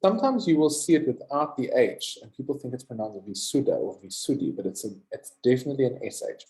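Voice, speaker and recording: A man teaching a recorded yoga lesson, slowly repeating Sanskrit terms and having listeners say them back. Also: medium pitch, sing-song, warm tone, reverberant, poor audio. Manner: drills pronunciation, repeats words slowly and asks listeners to say them.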